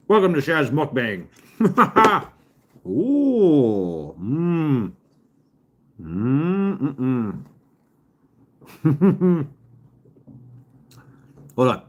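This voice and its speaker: Man, livestream host, slow unhurried rambling chat, frequent chuckles. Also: fairly high pitch, big pitch swings. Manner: rambling, halting, chuckles often. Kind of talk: casual chat with live viewers. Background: fireworks popping outside.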